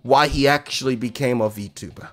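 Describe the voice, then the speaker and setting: A man telling a story in casual chat, animated and exasperated, with bursts of laughter. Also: medium pitch, normal speed, soft background music.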